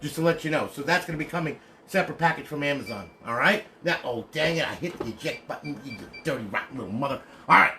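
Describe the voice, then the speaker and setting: A man's voice: fairly high pitch, fast, hardly any pauses, bright, forceful tone, slight background noise. Blunt, ranting man on a livestream. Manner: blunt, ranting, ends phrases with "okay?"; swears casually. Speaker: console modder and seller. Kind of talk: casual livestream demonstration.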